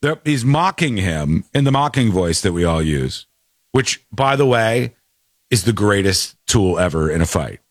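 A man hosting a show, chatting casually about a viral clip in an animated way, with laughing asides. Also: lowish voice, unhurried, no echo, clean studio sound. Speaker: show host.

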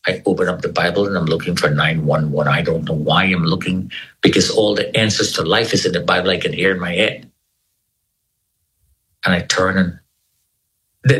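A man with a very deep, low voice tells his story in an interview. He speaks earnestly, quotes scripture, and his pitch jumps when he gets excited. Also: low-quality recording. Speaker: interview guest. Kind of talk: personal testimony in conversation.

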